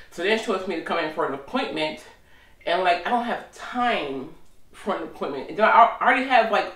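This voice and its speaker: Woman vlogger, casual and lively, echoey room, off-mic. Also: lowish voice, far from the mic. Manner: chatty, animated. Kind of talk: casual vlog chat.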